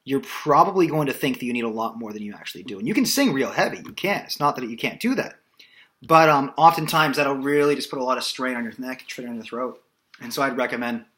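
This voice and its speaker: A man giving a casual singing lesson as a voice teacher, explaining in a loose, relaxed way with plenty of fillers. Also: mid-range voice.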